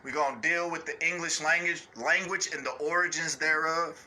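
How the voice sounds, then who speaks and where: A man ranting off the cuff in a blunt, cursing way, always checking in with his listeners. His voice sits a little high and carries a very bright, forceful edge. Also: fairly even intonation, normal speed. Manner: blunt, profane, repeats "you know what I'm saying"; mocks others in high put-on voices. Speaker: online ranter. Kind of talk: unscripted rant.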